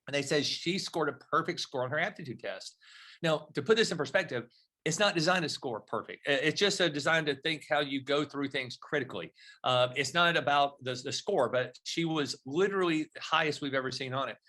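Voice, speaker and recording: A middle-aged man speaks as a guest on a podcast interview, his voice bright and forward and sitting a little high. He tells his stories with energy and slips into the other people's voices when he quotes them. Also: brisk. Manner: storytelling, animated when acting out dialogue.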